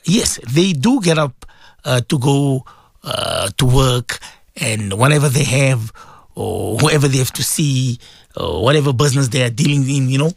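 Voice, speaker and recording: A man's voice: medium pitch, expressive, normal speed, gravelly, no echo, clean studio sound. A middle-aged man, hosting a call-in radio show in casual, rambling chat and greeting listeners by name.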